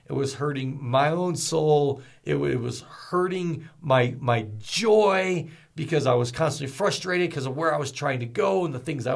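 A man hosting a ministry podcast, talking in an energetic, storytelling way with folksy asides. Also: on the high side, creaky. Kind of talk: motivational podcast talk.

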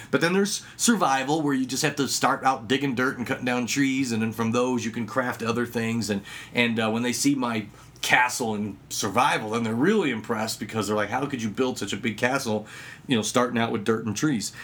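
A man who works with children and does magic, giving an instructional talk full of anecdotes and acting out dialogue with lively jumps in his voice. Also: brisk. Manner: lively storyteller who acts out dialogue with sudden pitch jumps. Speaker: children's ministry worker and magician.

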